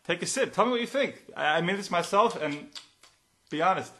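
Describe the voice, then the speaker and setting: A man's voice: high-pitched, lively intonation, brisk, a bit bright. A young man hosting a casual podcast, joking and teasing his guests. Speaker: podcast host. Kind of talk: casual comedic chat.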